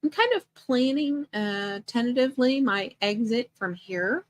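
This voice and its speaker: A woman's voice: fairly high pitch, expressive, measured pace, a little hiss or hum. A middle-aged woman hosting a casual livestream chat, greeting viewers by name and laughing often as she talks. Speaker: livestream host.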